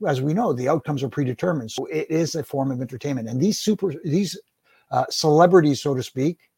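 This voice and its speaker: Husky, gravelly man telling stories. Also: a little high, fairly quick, no echo, studio quality. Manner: storytelling, animated anecdotes with acted quotes. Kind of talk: casual podcast chat.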